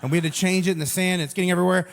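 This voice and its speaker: A man with a fairly high voice preaches a sermon full of jokes at his own expense. His storytelling is animated and lively, and he pokes fun at himself as he goes. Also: very fast, creaky. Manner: animated, self-mocking storytelling. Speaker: pastor. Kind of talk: humorous sermon.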